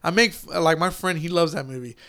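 A man chatting casually about movies, animated, swearing freely and acting out scenes. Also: on the high side, brisk, clean tone. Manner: animated, swears a lot, acts out movie lines loudly.

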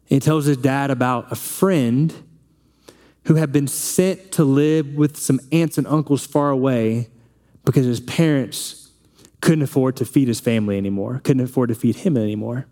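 A man's voice: medium pitch, mellow. A man pastor preaching a sermon, retelling a film scene and acting out the family's lines.

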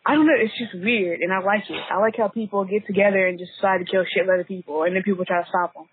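A woman's voice: medium pitch, racing. Blunt chatty woman on a tinny line. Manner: blunt, chatty, swears casually. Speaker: guest. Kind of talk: casual chat. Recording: tinny phone-like recording with faint hiss.

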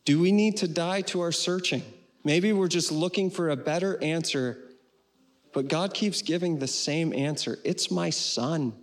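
A man pastor preaching a sermon in an earnest way, slowing down on key phrases and closing with a prayer. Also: on the high side. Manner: earnest, slows for emphasis and ends with prayer.

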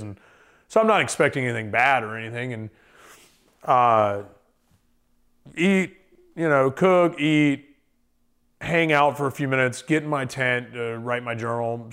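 A man with an ordinary mid-range voice tells a story casually. He rambles, with many fillers and restarts. He gets animated as the story builds. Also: medium pitch. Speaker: interview guest, hiker.

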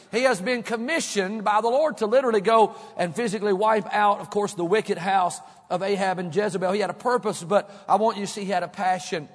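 A high-pitched male pastor, preaching in a church. He reads scripture plainly, then builds to a fervent, urging sermon. A long reverb trails every phrase.

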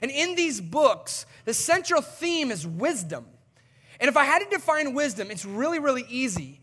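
A male pastor preaching a sermon in an animated, conversational way with emphatic swings in delivery. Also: very high-pitched, measured pace.

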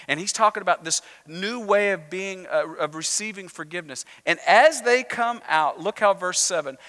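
A man's voice: high voice, sharp tone, long reverb tail. A man preaching a sermon as pastor in a church, talking conversationally and drawing the congregation in with questions. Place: church sanctuary.

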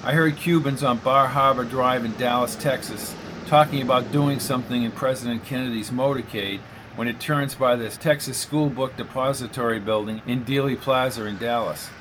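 A man's voice: medium pitch, steady tone, moderate pace, few pauses, background noise, natural voice. A man voicing a determined man racing to stop a killing, speaking in an urgent, clipped way.

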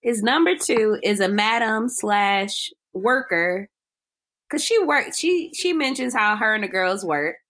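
A woman's voice: medium pitch, lively intonation, a little slow, fairly bright tone. A young woman co-hosting a casual chat, recapping a film with lots of fillers and giggles. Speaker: podcast co-host.

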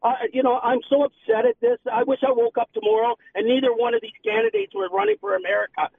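A man's voice: extremely high pitch, big pitch swings, quick pace, vocal fry, recorded from a distance, background noise. Indignant male caller on a tinny phone line. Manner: indignant, rambling. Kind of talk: phone-in call.

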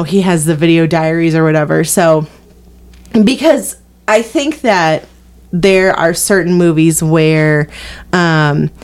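Hesitant young woman, filler-heavy chat. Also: lowish voice. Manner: hesitant, many fillers, self-aware laughs. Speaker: movie critic co-host. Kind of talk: casual chat.

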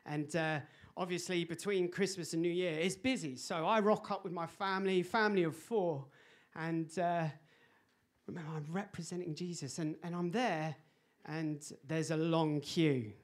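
Male pastor, animated, storytelling sermon, lively delivery. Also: on the high side, normal speed. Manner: animated storyteller, laughing and acting out scenes.

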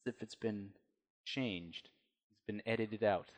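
A man's voice: on the low side, a little slow. A man narrating as game master of a tabletop role-playing game, telling the scene in a loose, conversational way.

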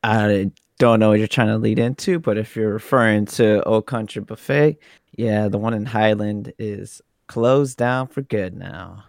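Low-voiced man, dry and matter-of-fact. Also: unhurried, creaky, darkish tone, dry recording. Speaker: podcast co-host. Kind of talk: casual chat.

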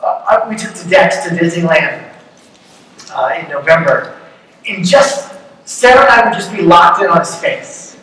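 A man's voice: on the high side, animated, moderate pace, pushed and bright. A young man giving a conversational, joking sermon full of rhetorical questions. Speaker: pastor. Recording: echoey hall, distant mic, faint noise.

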